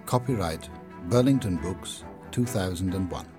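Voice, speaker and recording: A man reading a novel aloud as an audiobook narrator, in measured, clear storytelling. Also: low voice, loud music behind the voice. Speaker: audiobook reader. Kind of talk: scripted narration.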